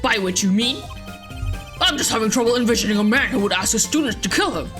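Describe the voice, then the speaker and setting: A woman voicing a fussy, bewildered older male judge who speaks slowly and sternly. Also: fairly high pitch, expressive, a bit bright, faint music behind.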